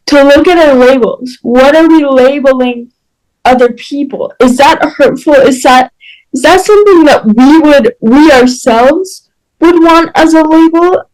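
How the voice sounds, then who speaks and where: A woman hosting a podcast interview, speaking in a slow, thoughtful way with frequent restarts. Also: high voice, poor audio. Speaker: podcast host.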